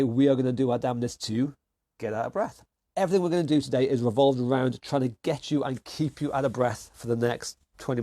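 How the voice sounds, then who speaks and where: A man's voice: mid-range voice, warm tone, dry recording. A man leading an online fitness class, giving plain, encouraging instructions and counting down each exercise.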